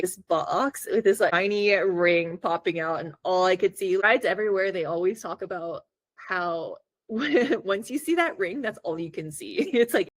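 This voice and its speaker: Chatty low-voiced woman telling a story. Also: no room sound. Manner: chatty, lots of "like" fillers; acts out her own reactions in quotes. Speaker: podcast co-host. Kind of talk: casual storytelling.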